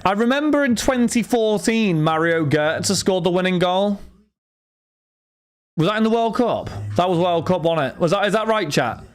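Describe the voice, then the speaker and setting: A man's voice: high-pitched, lively intonation, normal speed. A young man chatting casually with his live stream chat while opening cards, rambling and talking to friends. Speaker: card break streamer.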